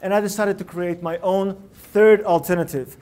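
A man giving a TED-style talk on a lecture hall stage, animated and firing rhetorical questions at the audience. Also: high voice, normal speed, smooth. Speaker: public speaker.

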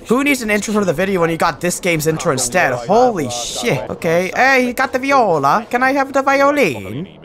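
A gamer giving rambling, excitable let's-play commentary, swinging between loud outbursts and mumbled asides. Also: mid-range voice, moderate pace. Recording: voice over game music.

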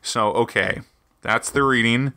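A man hosting a podcast and reading aloud in a halting way, often stopping to restart his words. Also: mid-range voice, pushed and bright, dry recording. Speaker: podcast host and reader.

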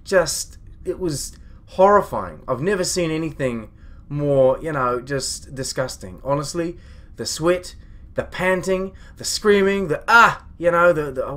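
A man's voice: fairly high pitch, sharp tone. A man playing a grumpy, foul-mouthed starship captain, rambling and ranting with indignation in a comedy monologue. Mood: grumbling. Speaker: comedy web series creator.

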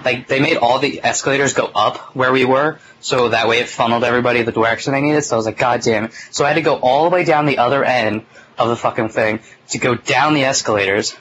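A man's voice: medium pitch, a bit bright, a little hiss or hum, low-quality recording. Rambling young man telling a story. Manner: rambling, full of "like" and mild swearing. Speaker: podcast host. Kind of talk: casual storytelling chat. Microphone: phone.

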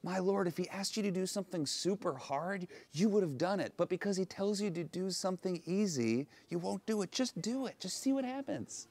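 A man doing a coaxing, high-voiced servant. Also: animated, fairly quick, few pauses, a little mellow. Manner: pleading, coaxing. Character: urging servant of a commander.

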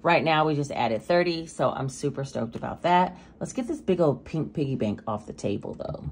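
A woman with a gently tinged voice chats through a budgeting vlog, counting bills out loud as she goes. Her voice sits a bit low but swings up and down a lot. Faint room noise sits behind her. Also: lively intonation, normal speed. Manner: chatty, counts cash aloud while talking to viewers. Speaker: budgeting vlogger. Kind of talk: casual cash-stuffing vlog.

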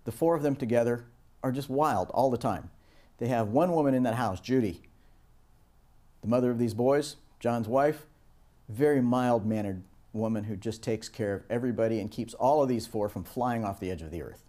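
A middle-aged man lecturing on teamwork, his tone mellow and relaxed. He tells stories and slips into higher voices for the people he quotes. His pitch sits at an ordinary middle height. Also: normal speed. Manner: storytelling, acts out quoted voices with raised pitch. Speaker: instructor. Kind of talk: recorded lecture on project teamwork.

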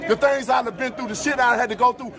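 Male boxer, high voice, boastful and fearless, crowd noise around him. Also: steady tone, quick pace. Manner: defiant, boastful. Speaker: professional boxer. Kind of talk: defiant interview statement.

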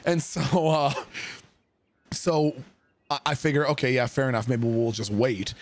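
A streamer telling a creepy story in casual, profane, animated style, spoofing dialogue. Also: male voice, medium pitch, normal speed, pauses often.

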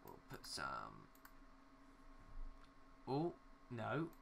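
A man's voice: on the low side, wildly swooping pitch, extremely slow, vocal fry, fairly bright tone, a little hiss or hum. A young man giving casual, rambling commentary while building in a city game, talking to himself and swearing mildly at glitches. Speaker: gaming YouTuber.

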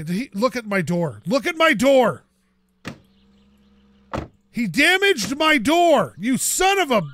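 Excitable male game commentator with a high voice, engine rumble loud under him. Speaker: let's play host. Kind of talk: casual gameplay commentary.

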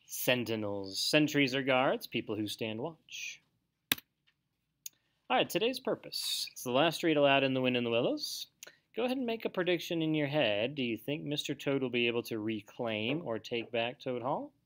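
Animated man reading aloud. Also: mid-range voice, normal speed. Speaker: teacher.

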